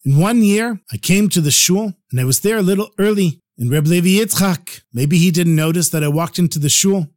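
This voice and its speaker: A man's voice: high-pitched, a little mellow, no echo, studio quality, close to an everyday voice. A man voicing a frail old man who fondly recounts his memories. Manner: reminiscing, affectionate.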